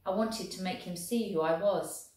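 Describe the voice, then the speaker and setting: A woman English teacher reading a novel aloud in a steady, expressive storytelling voice. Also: fairly low pitch, moderate pace. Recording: very echoey room.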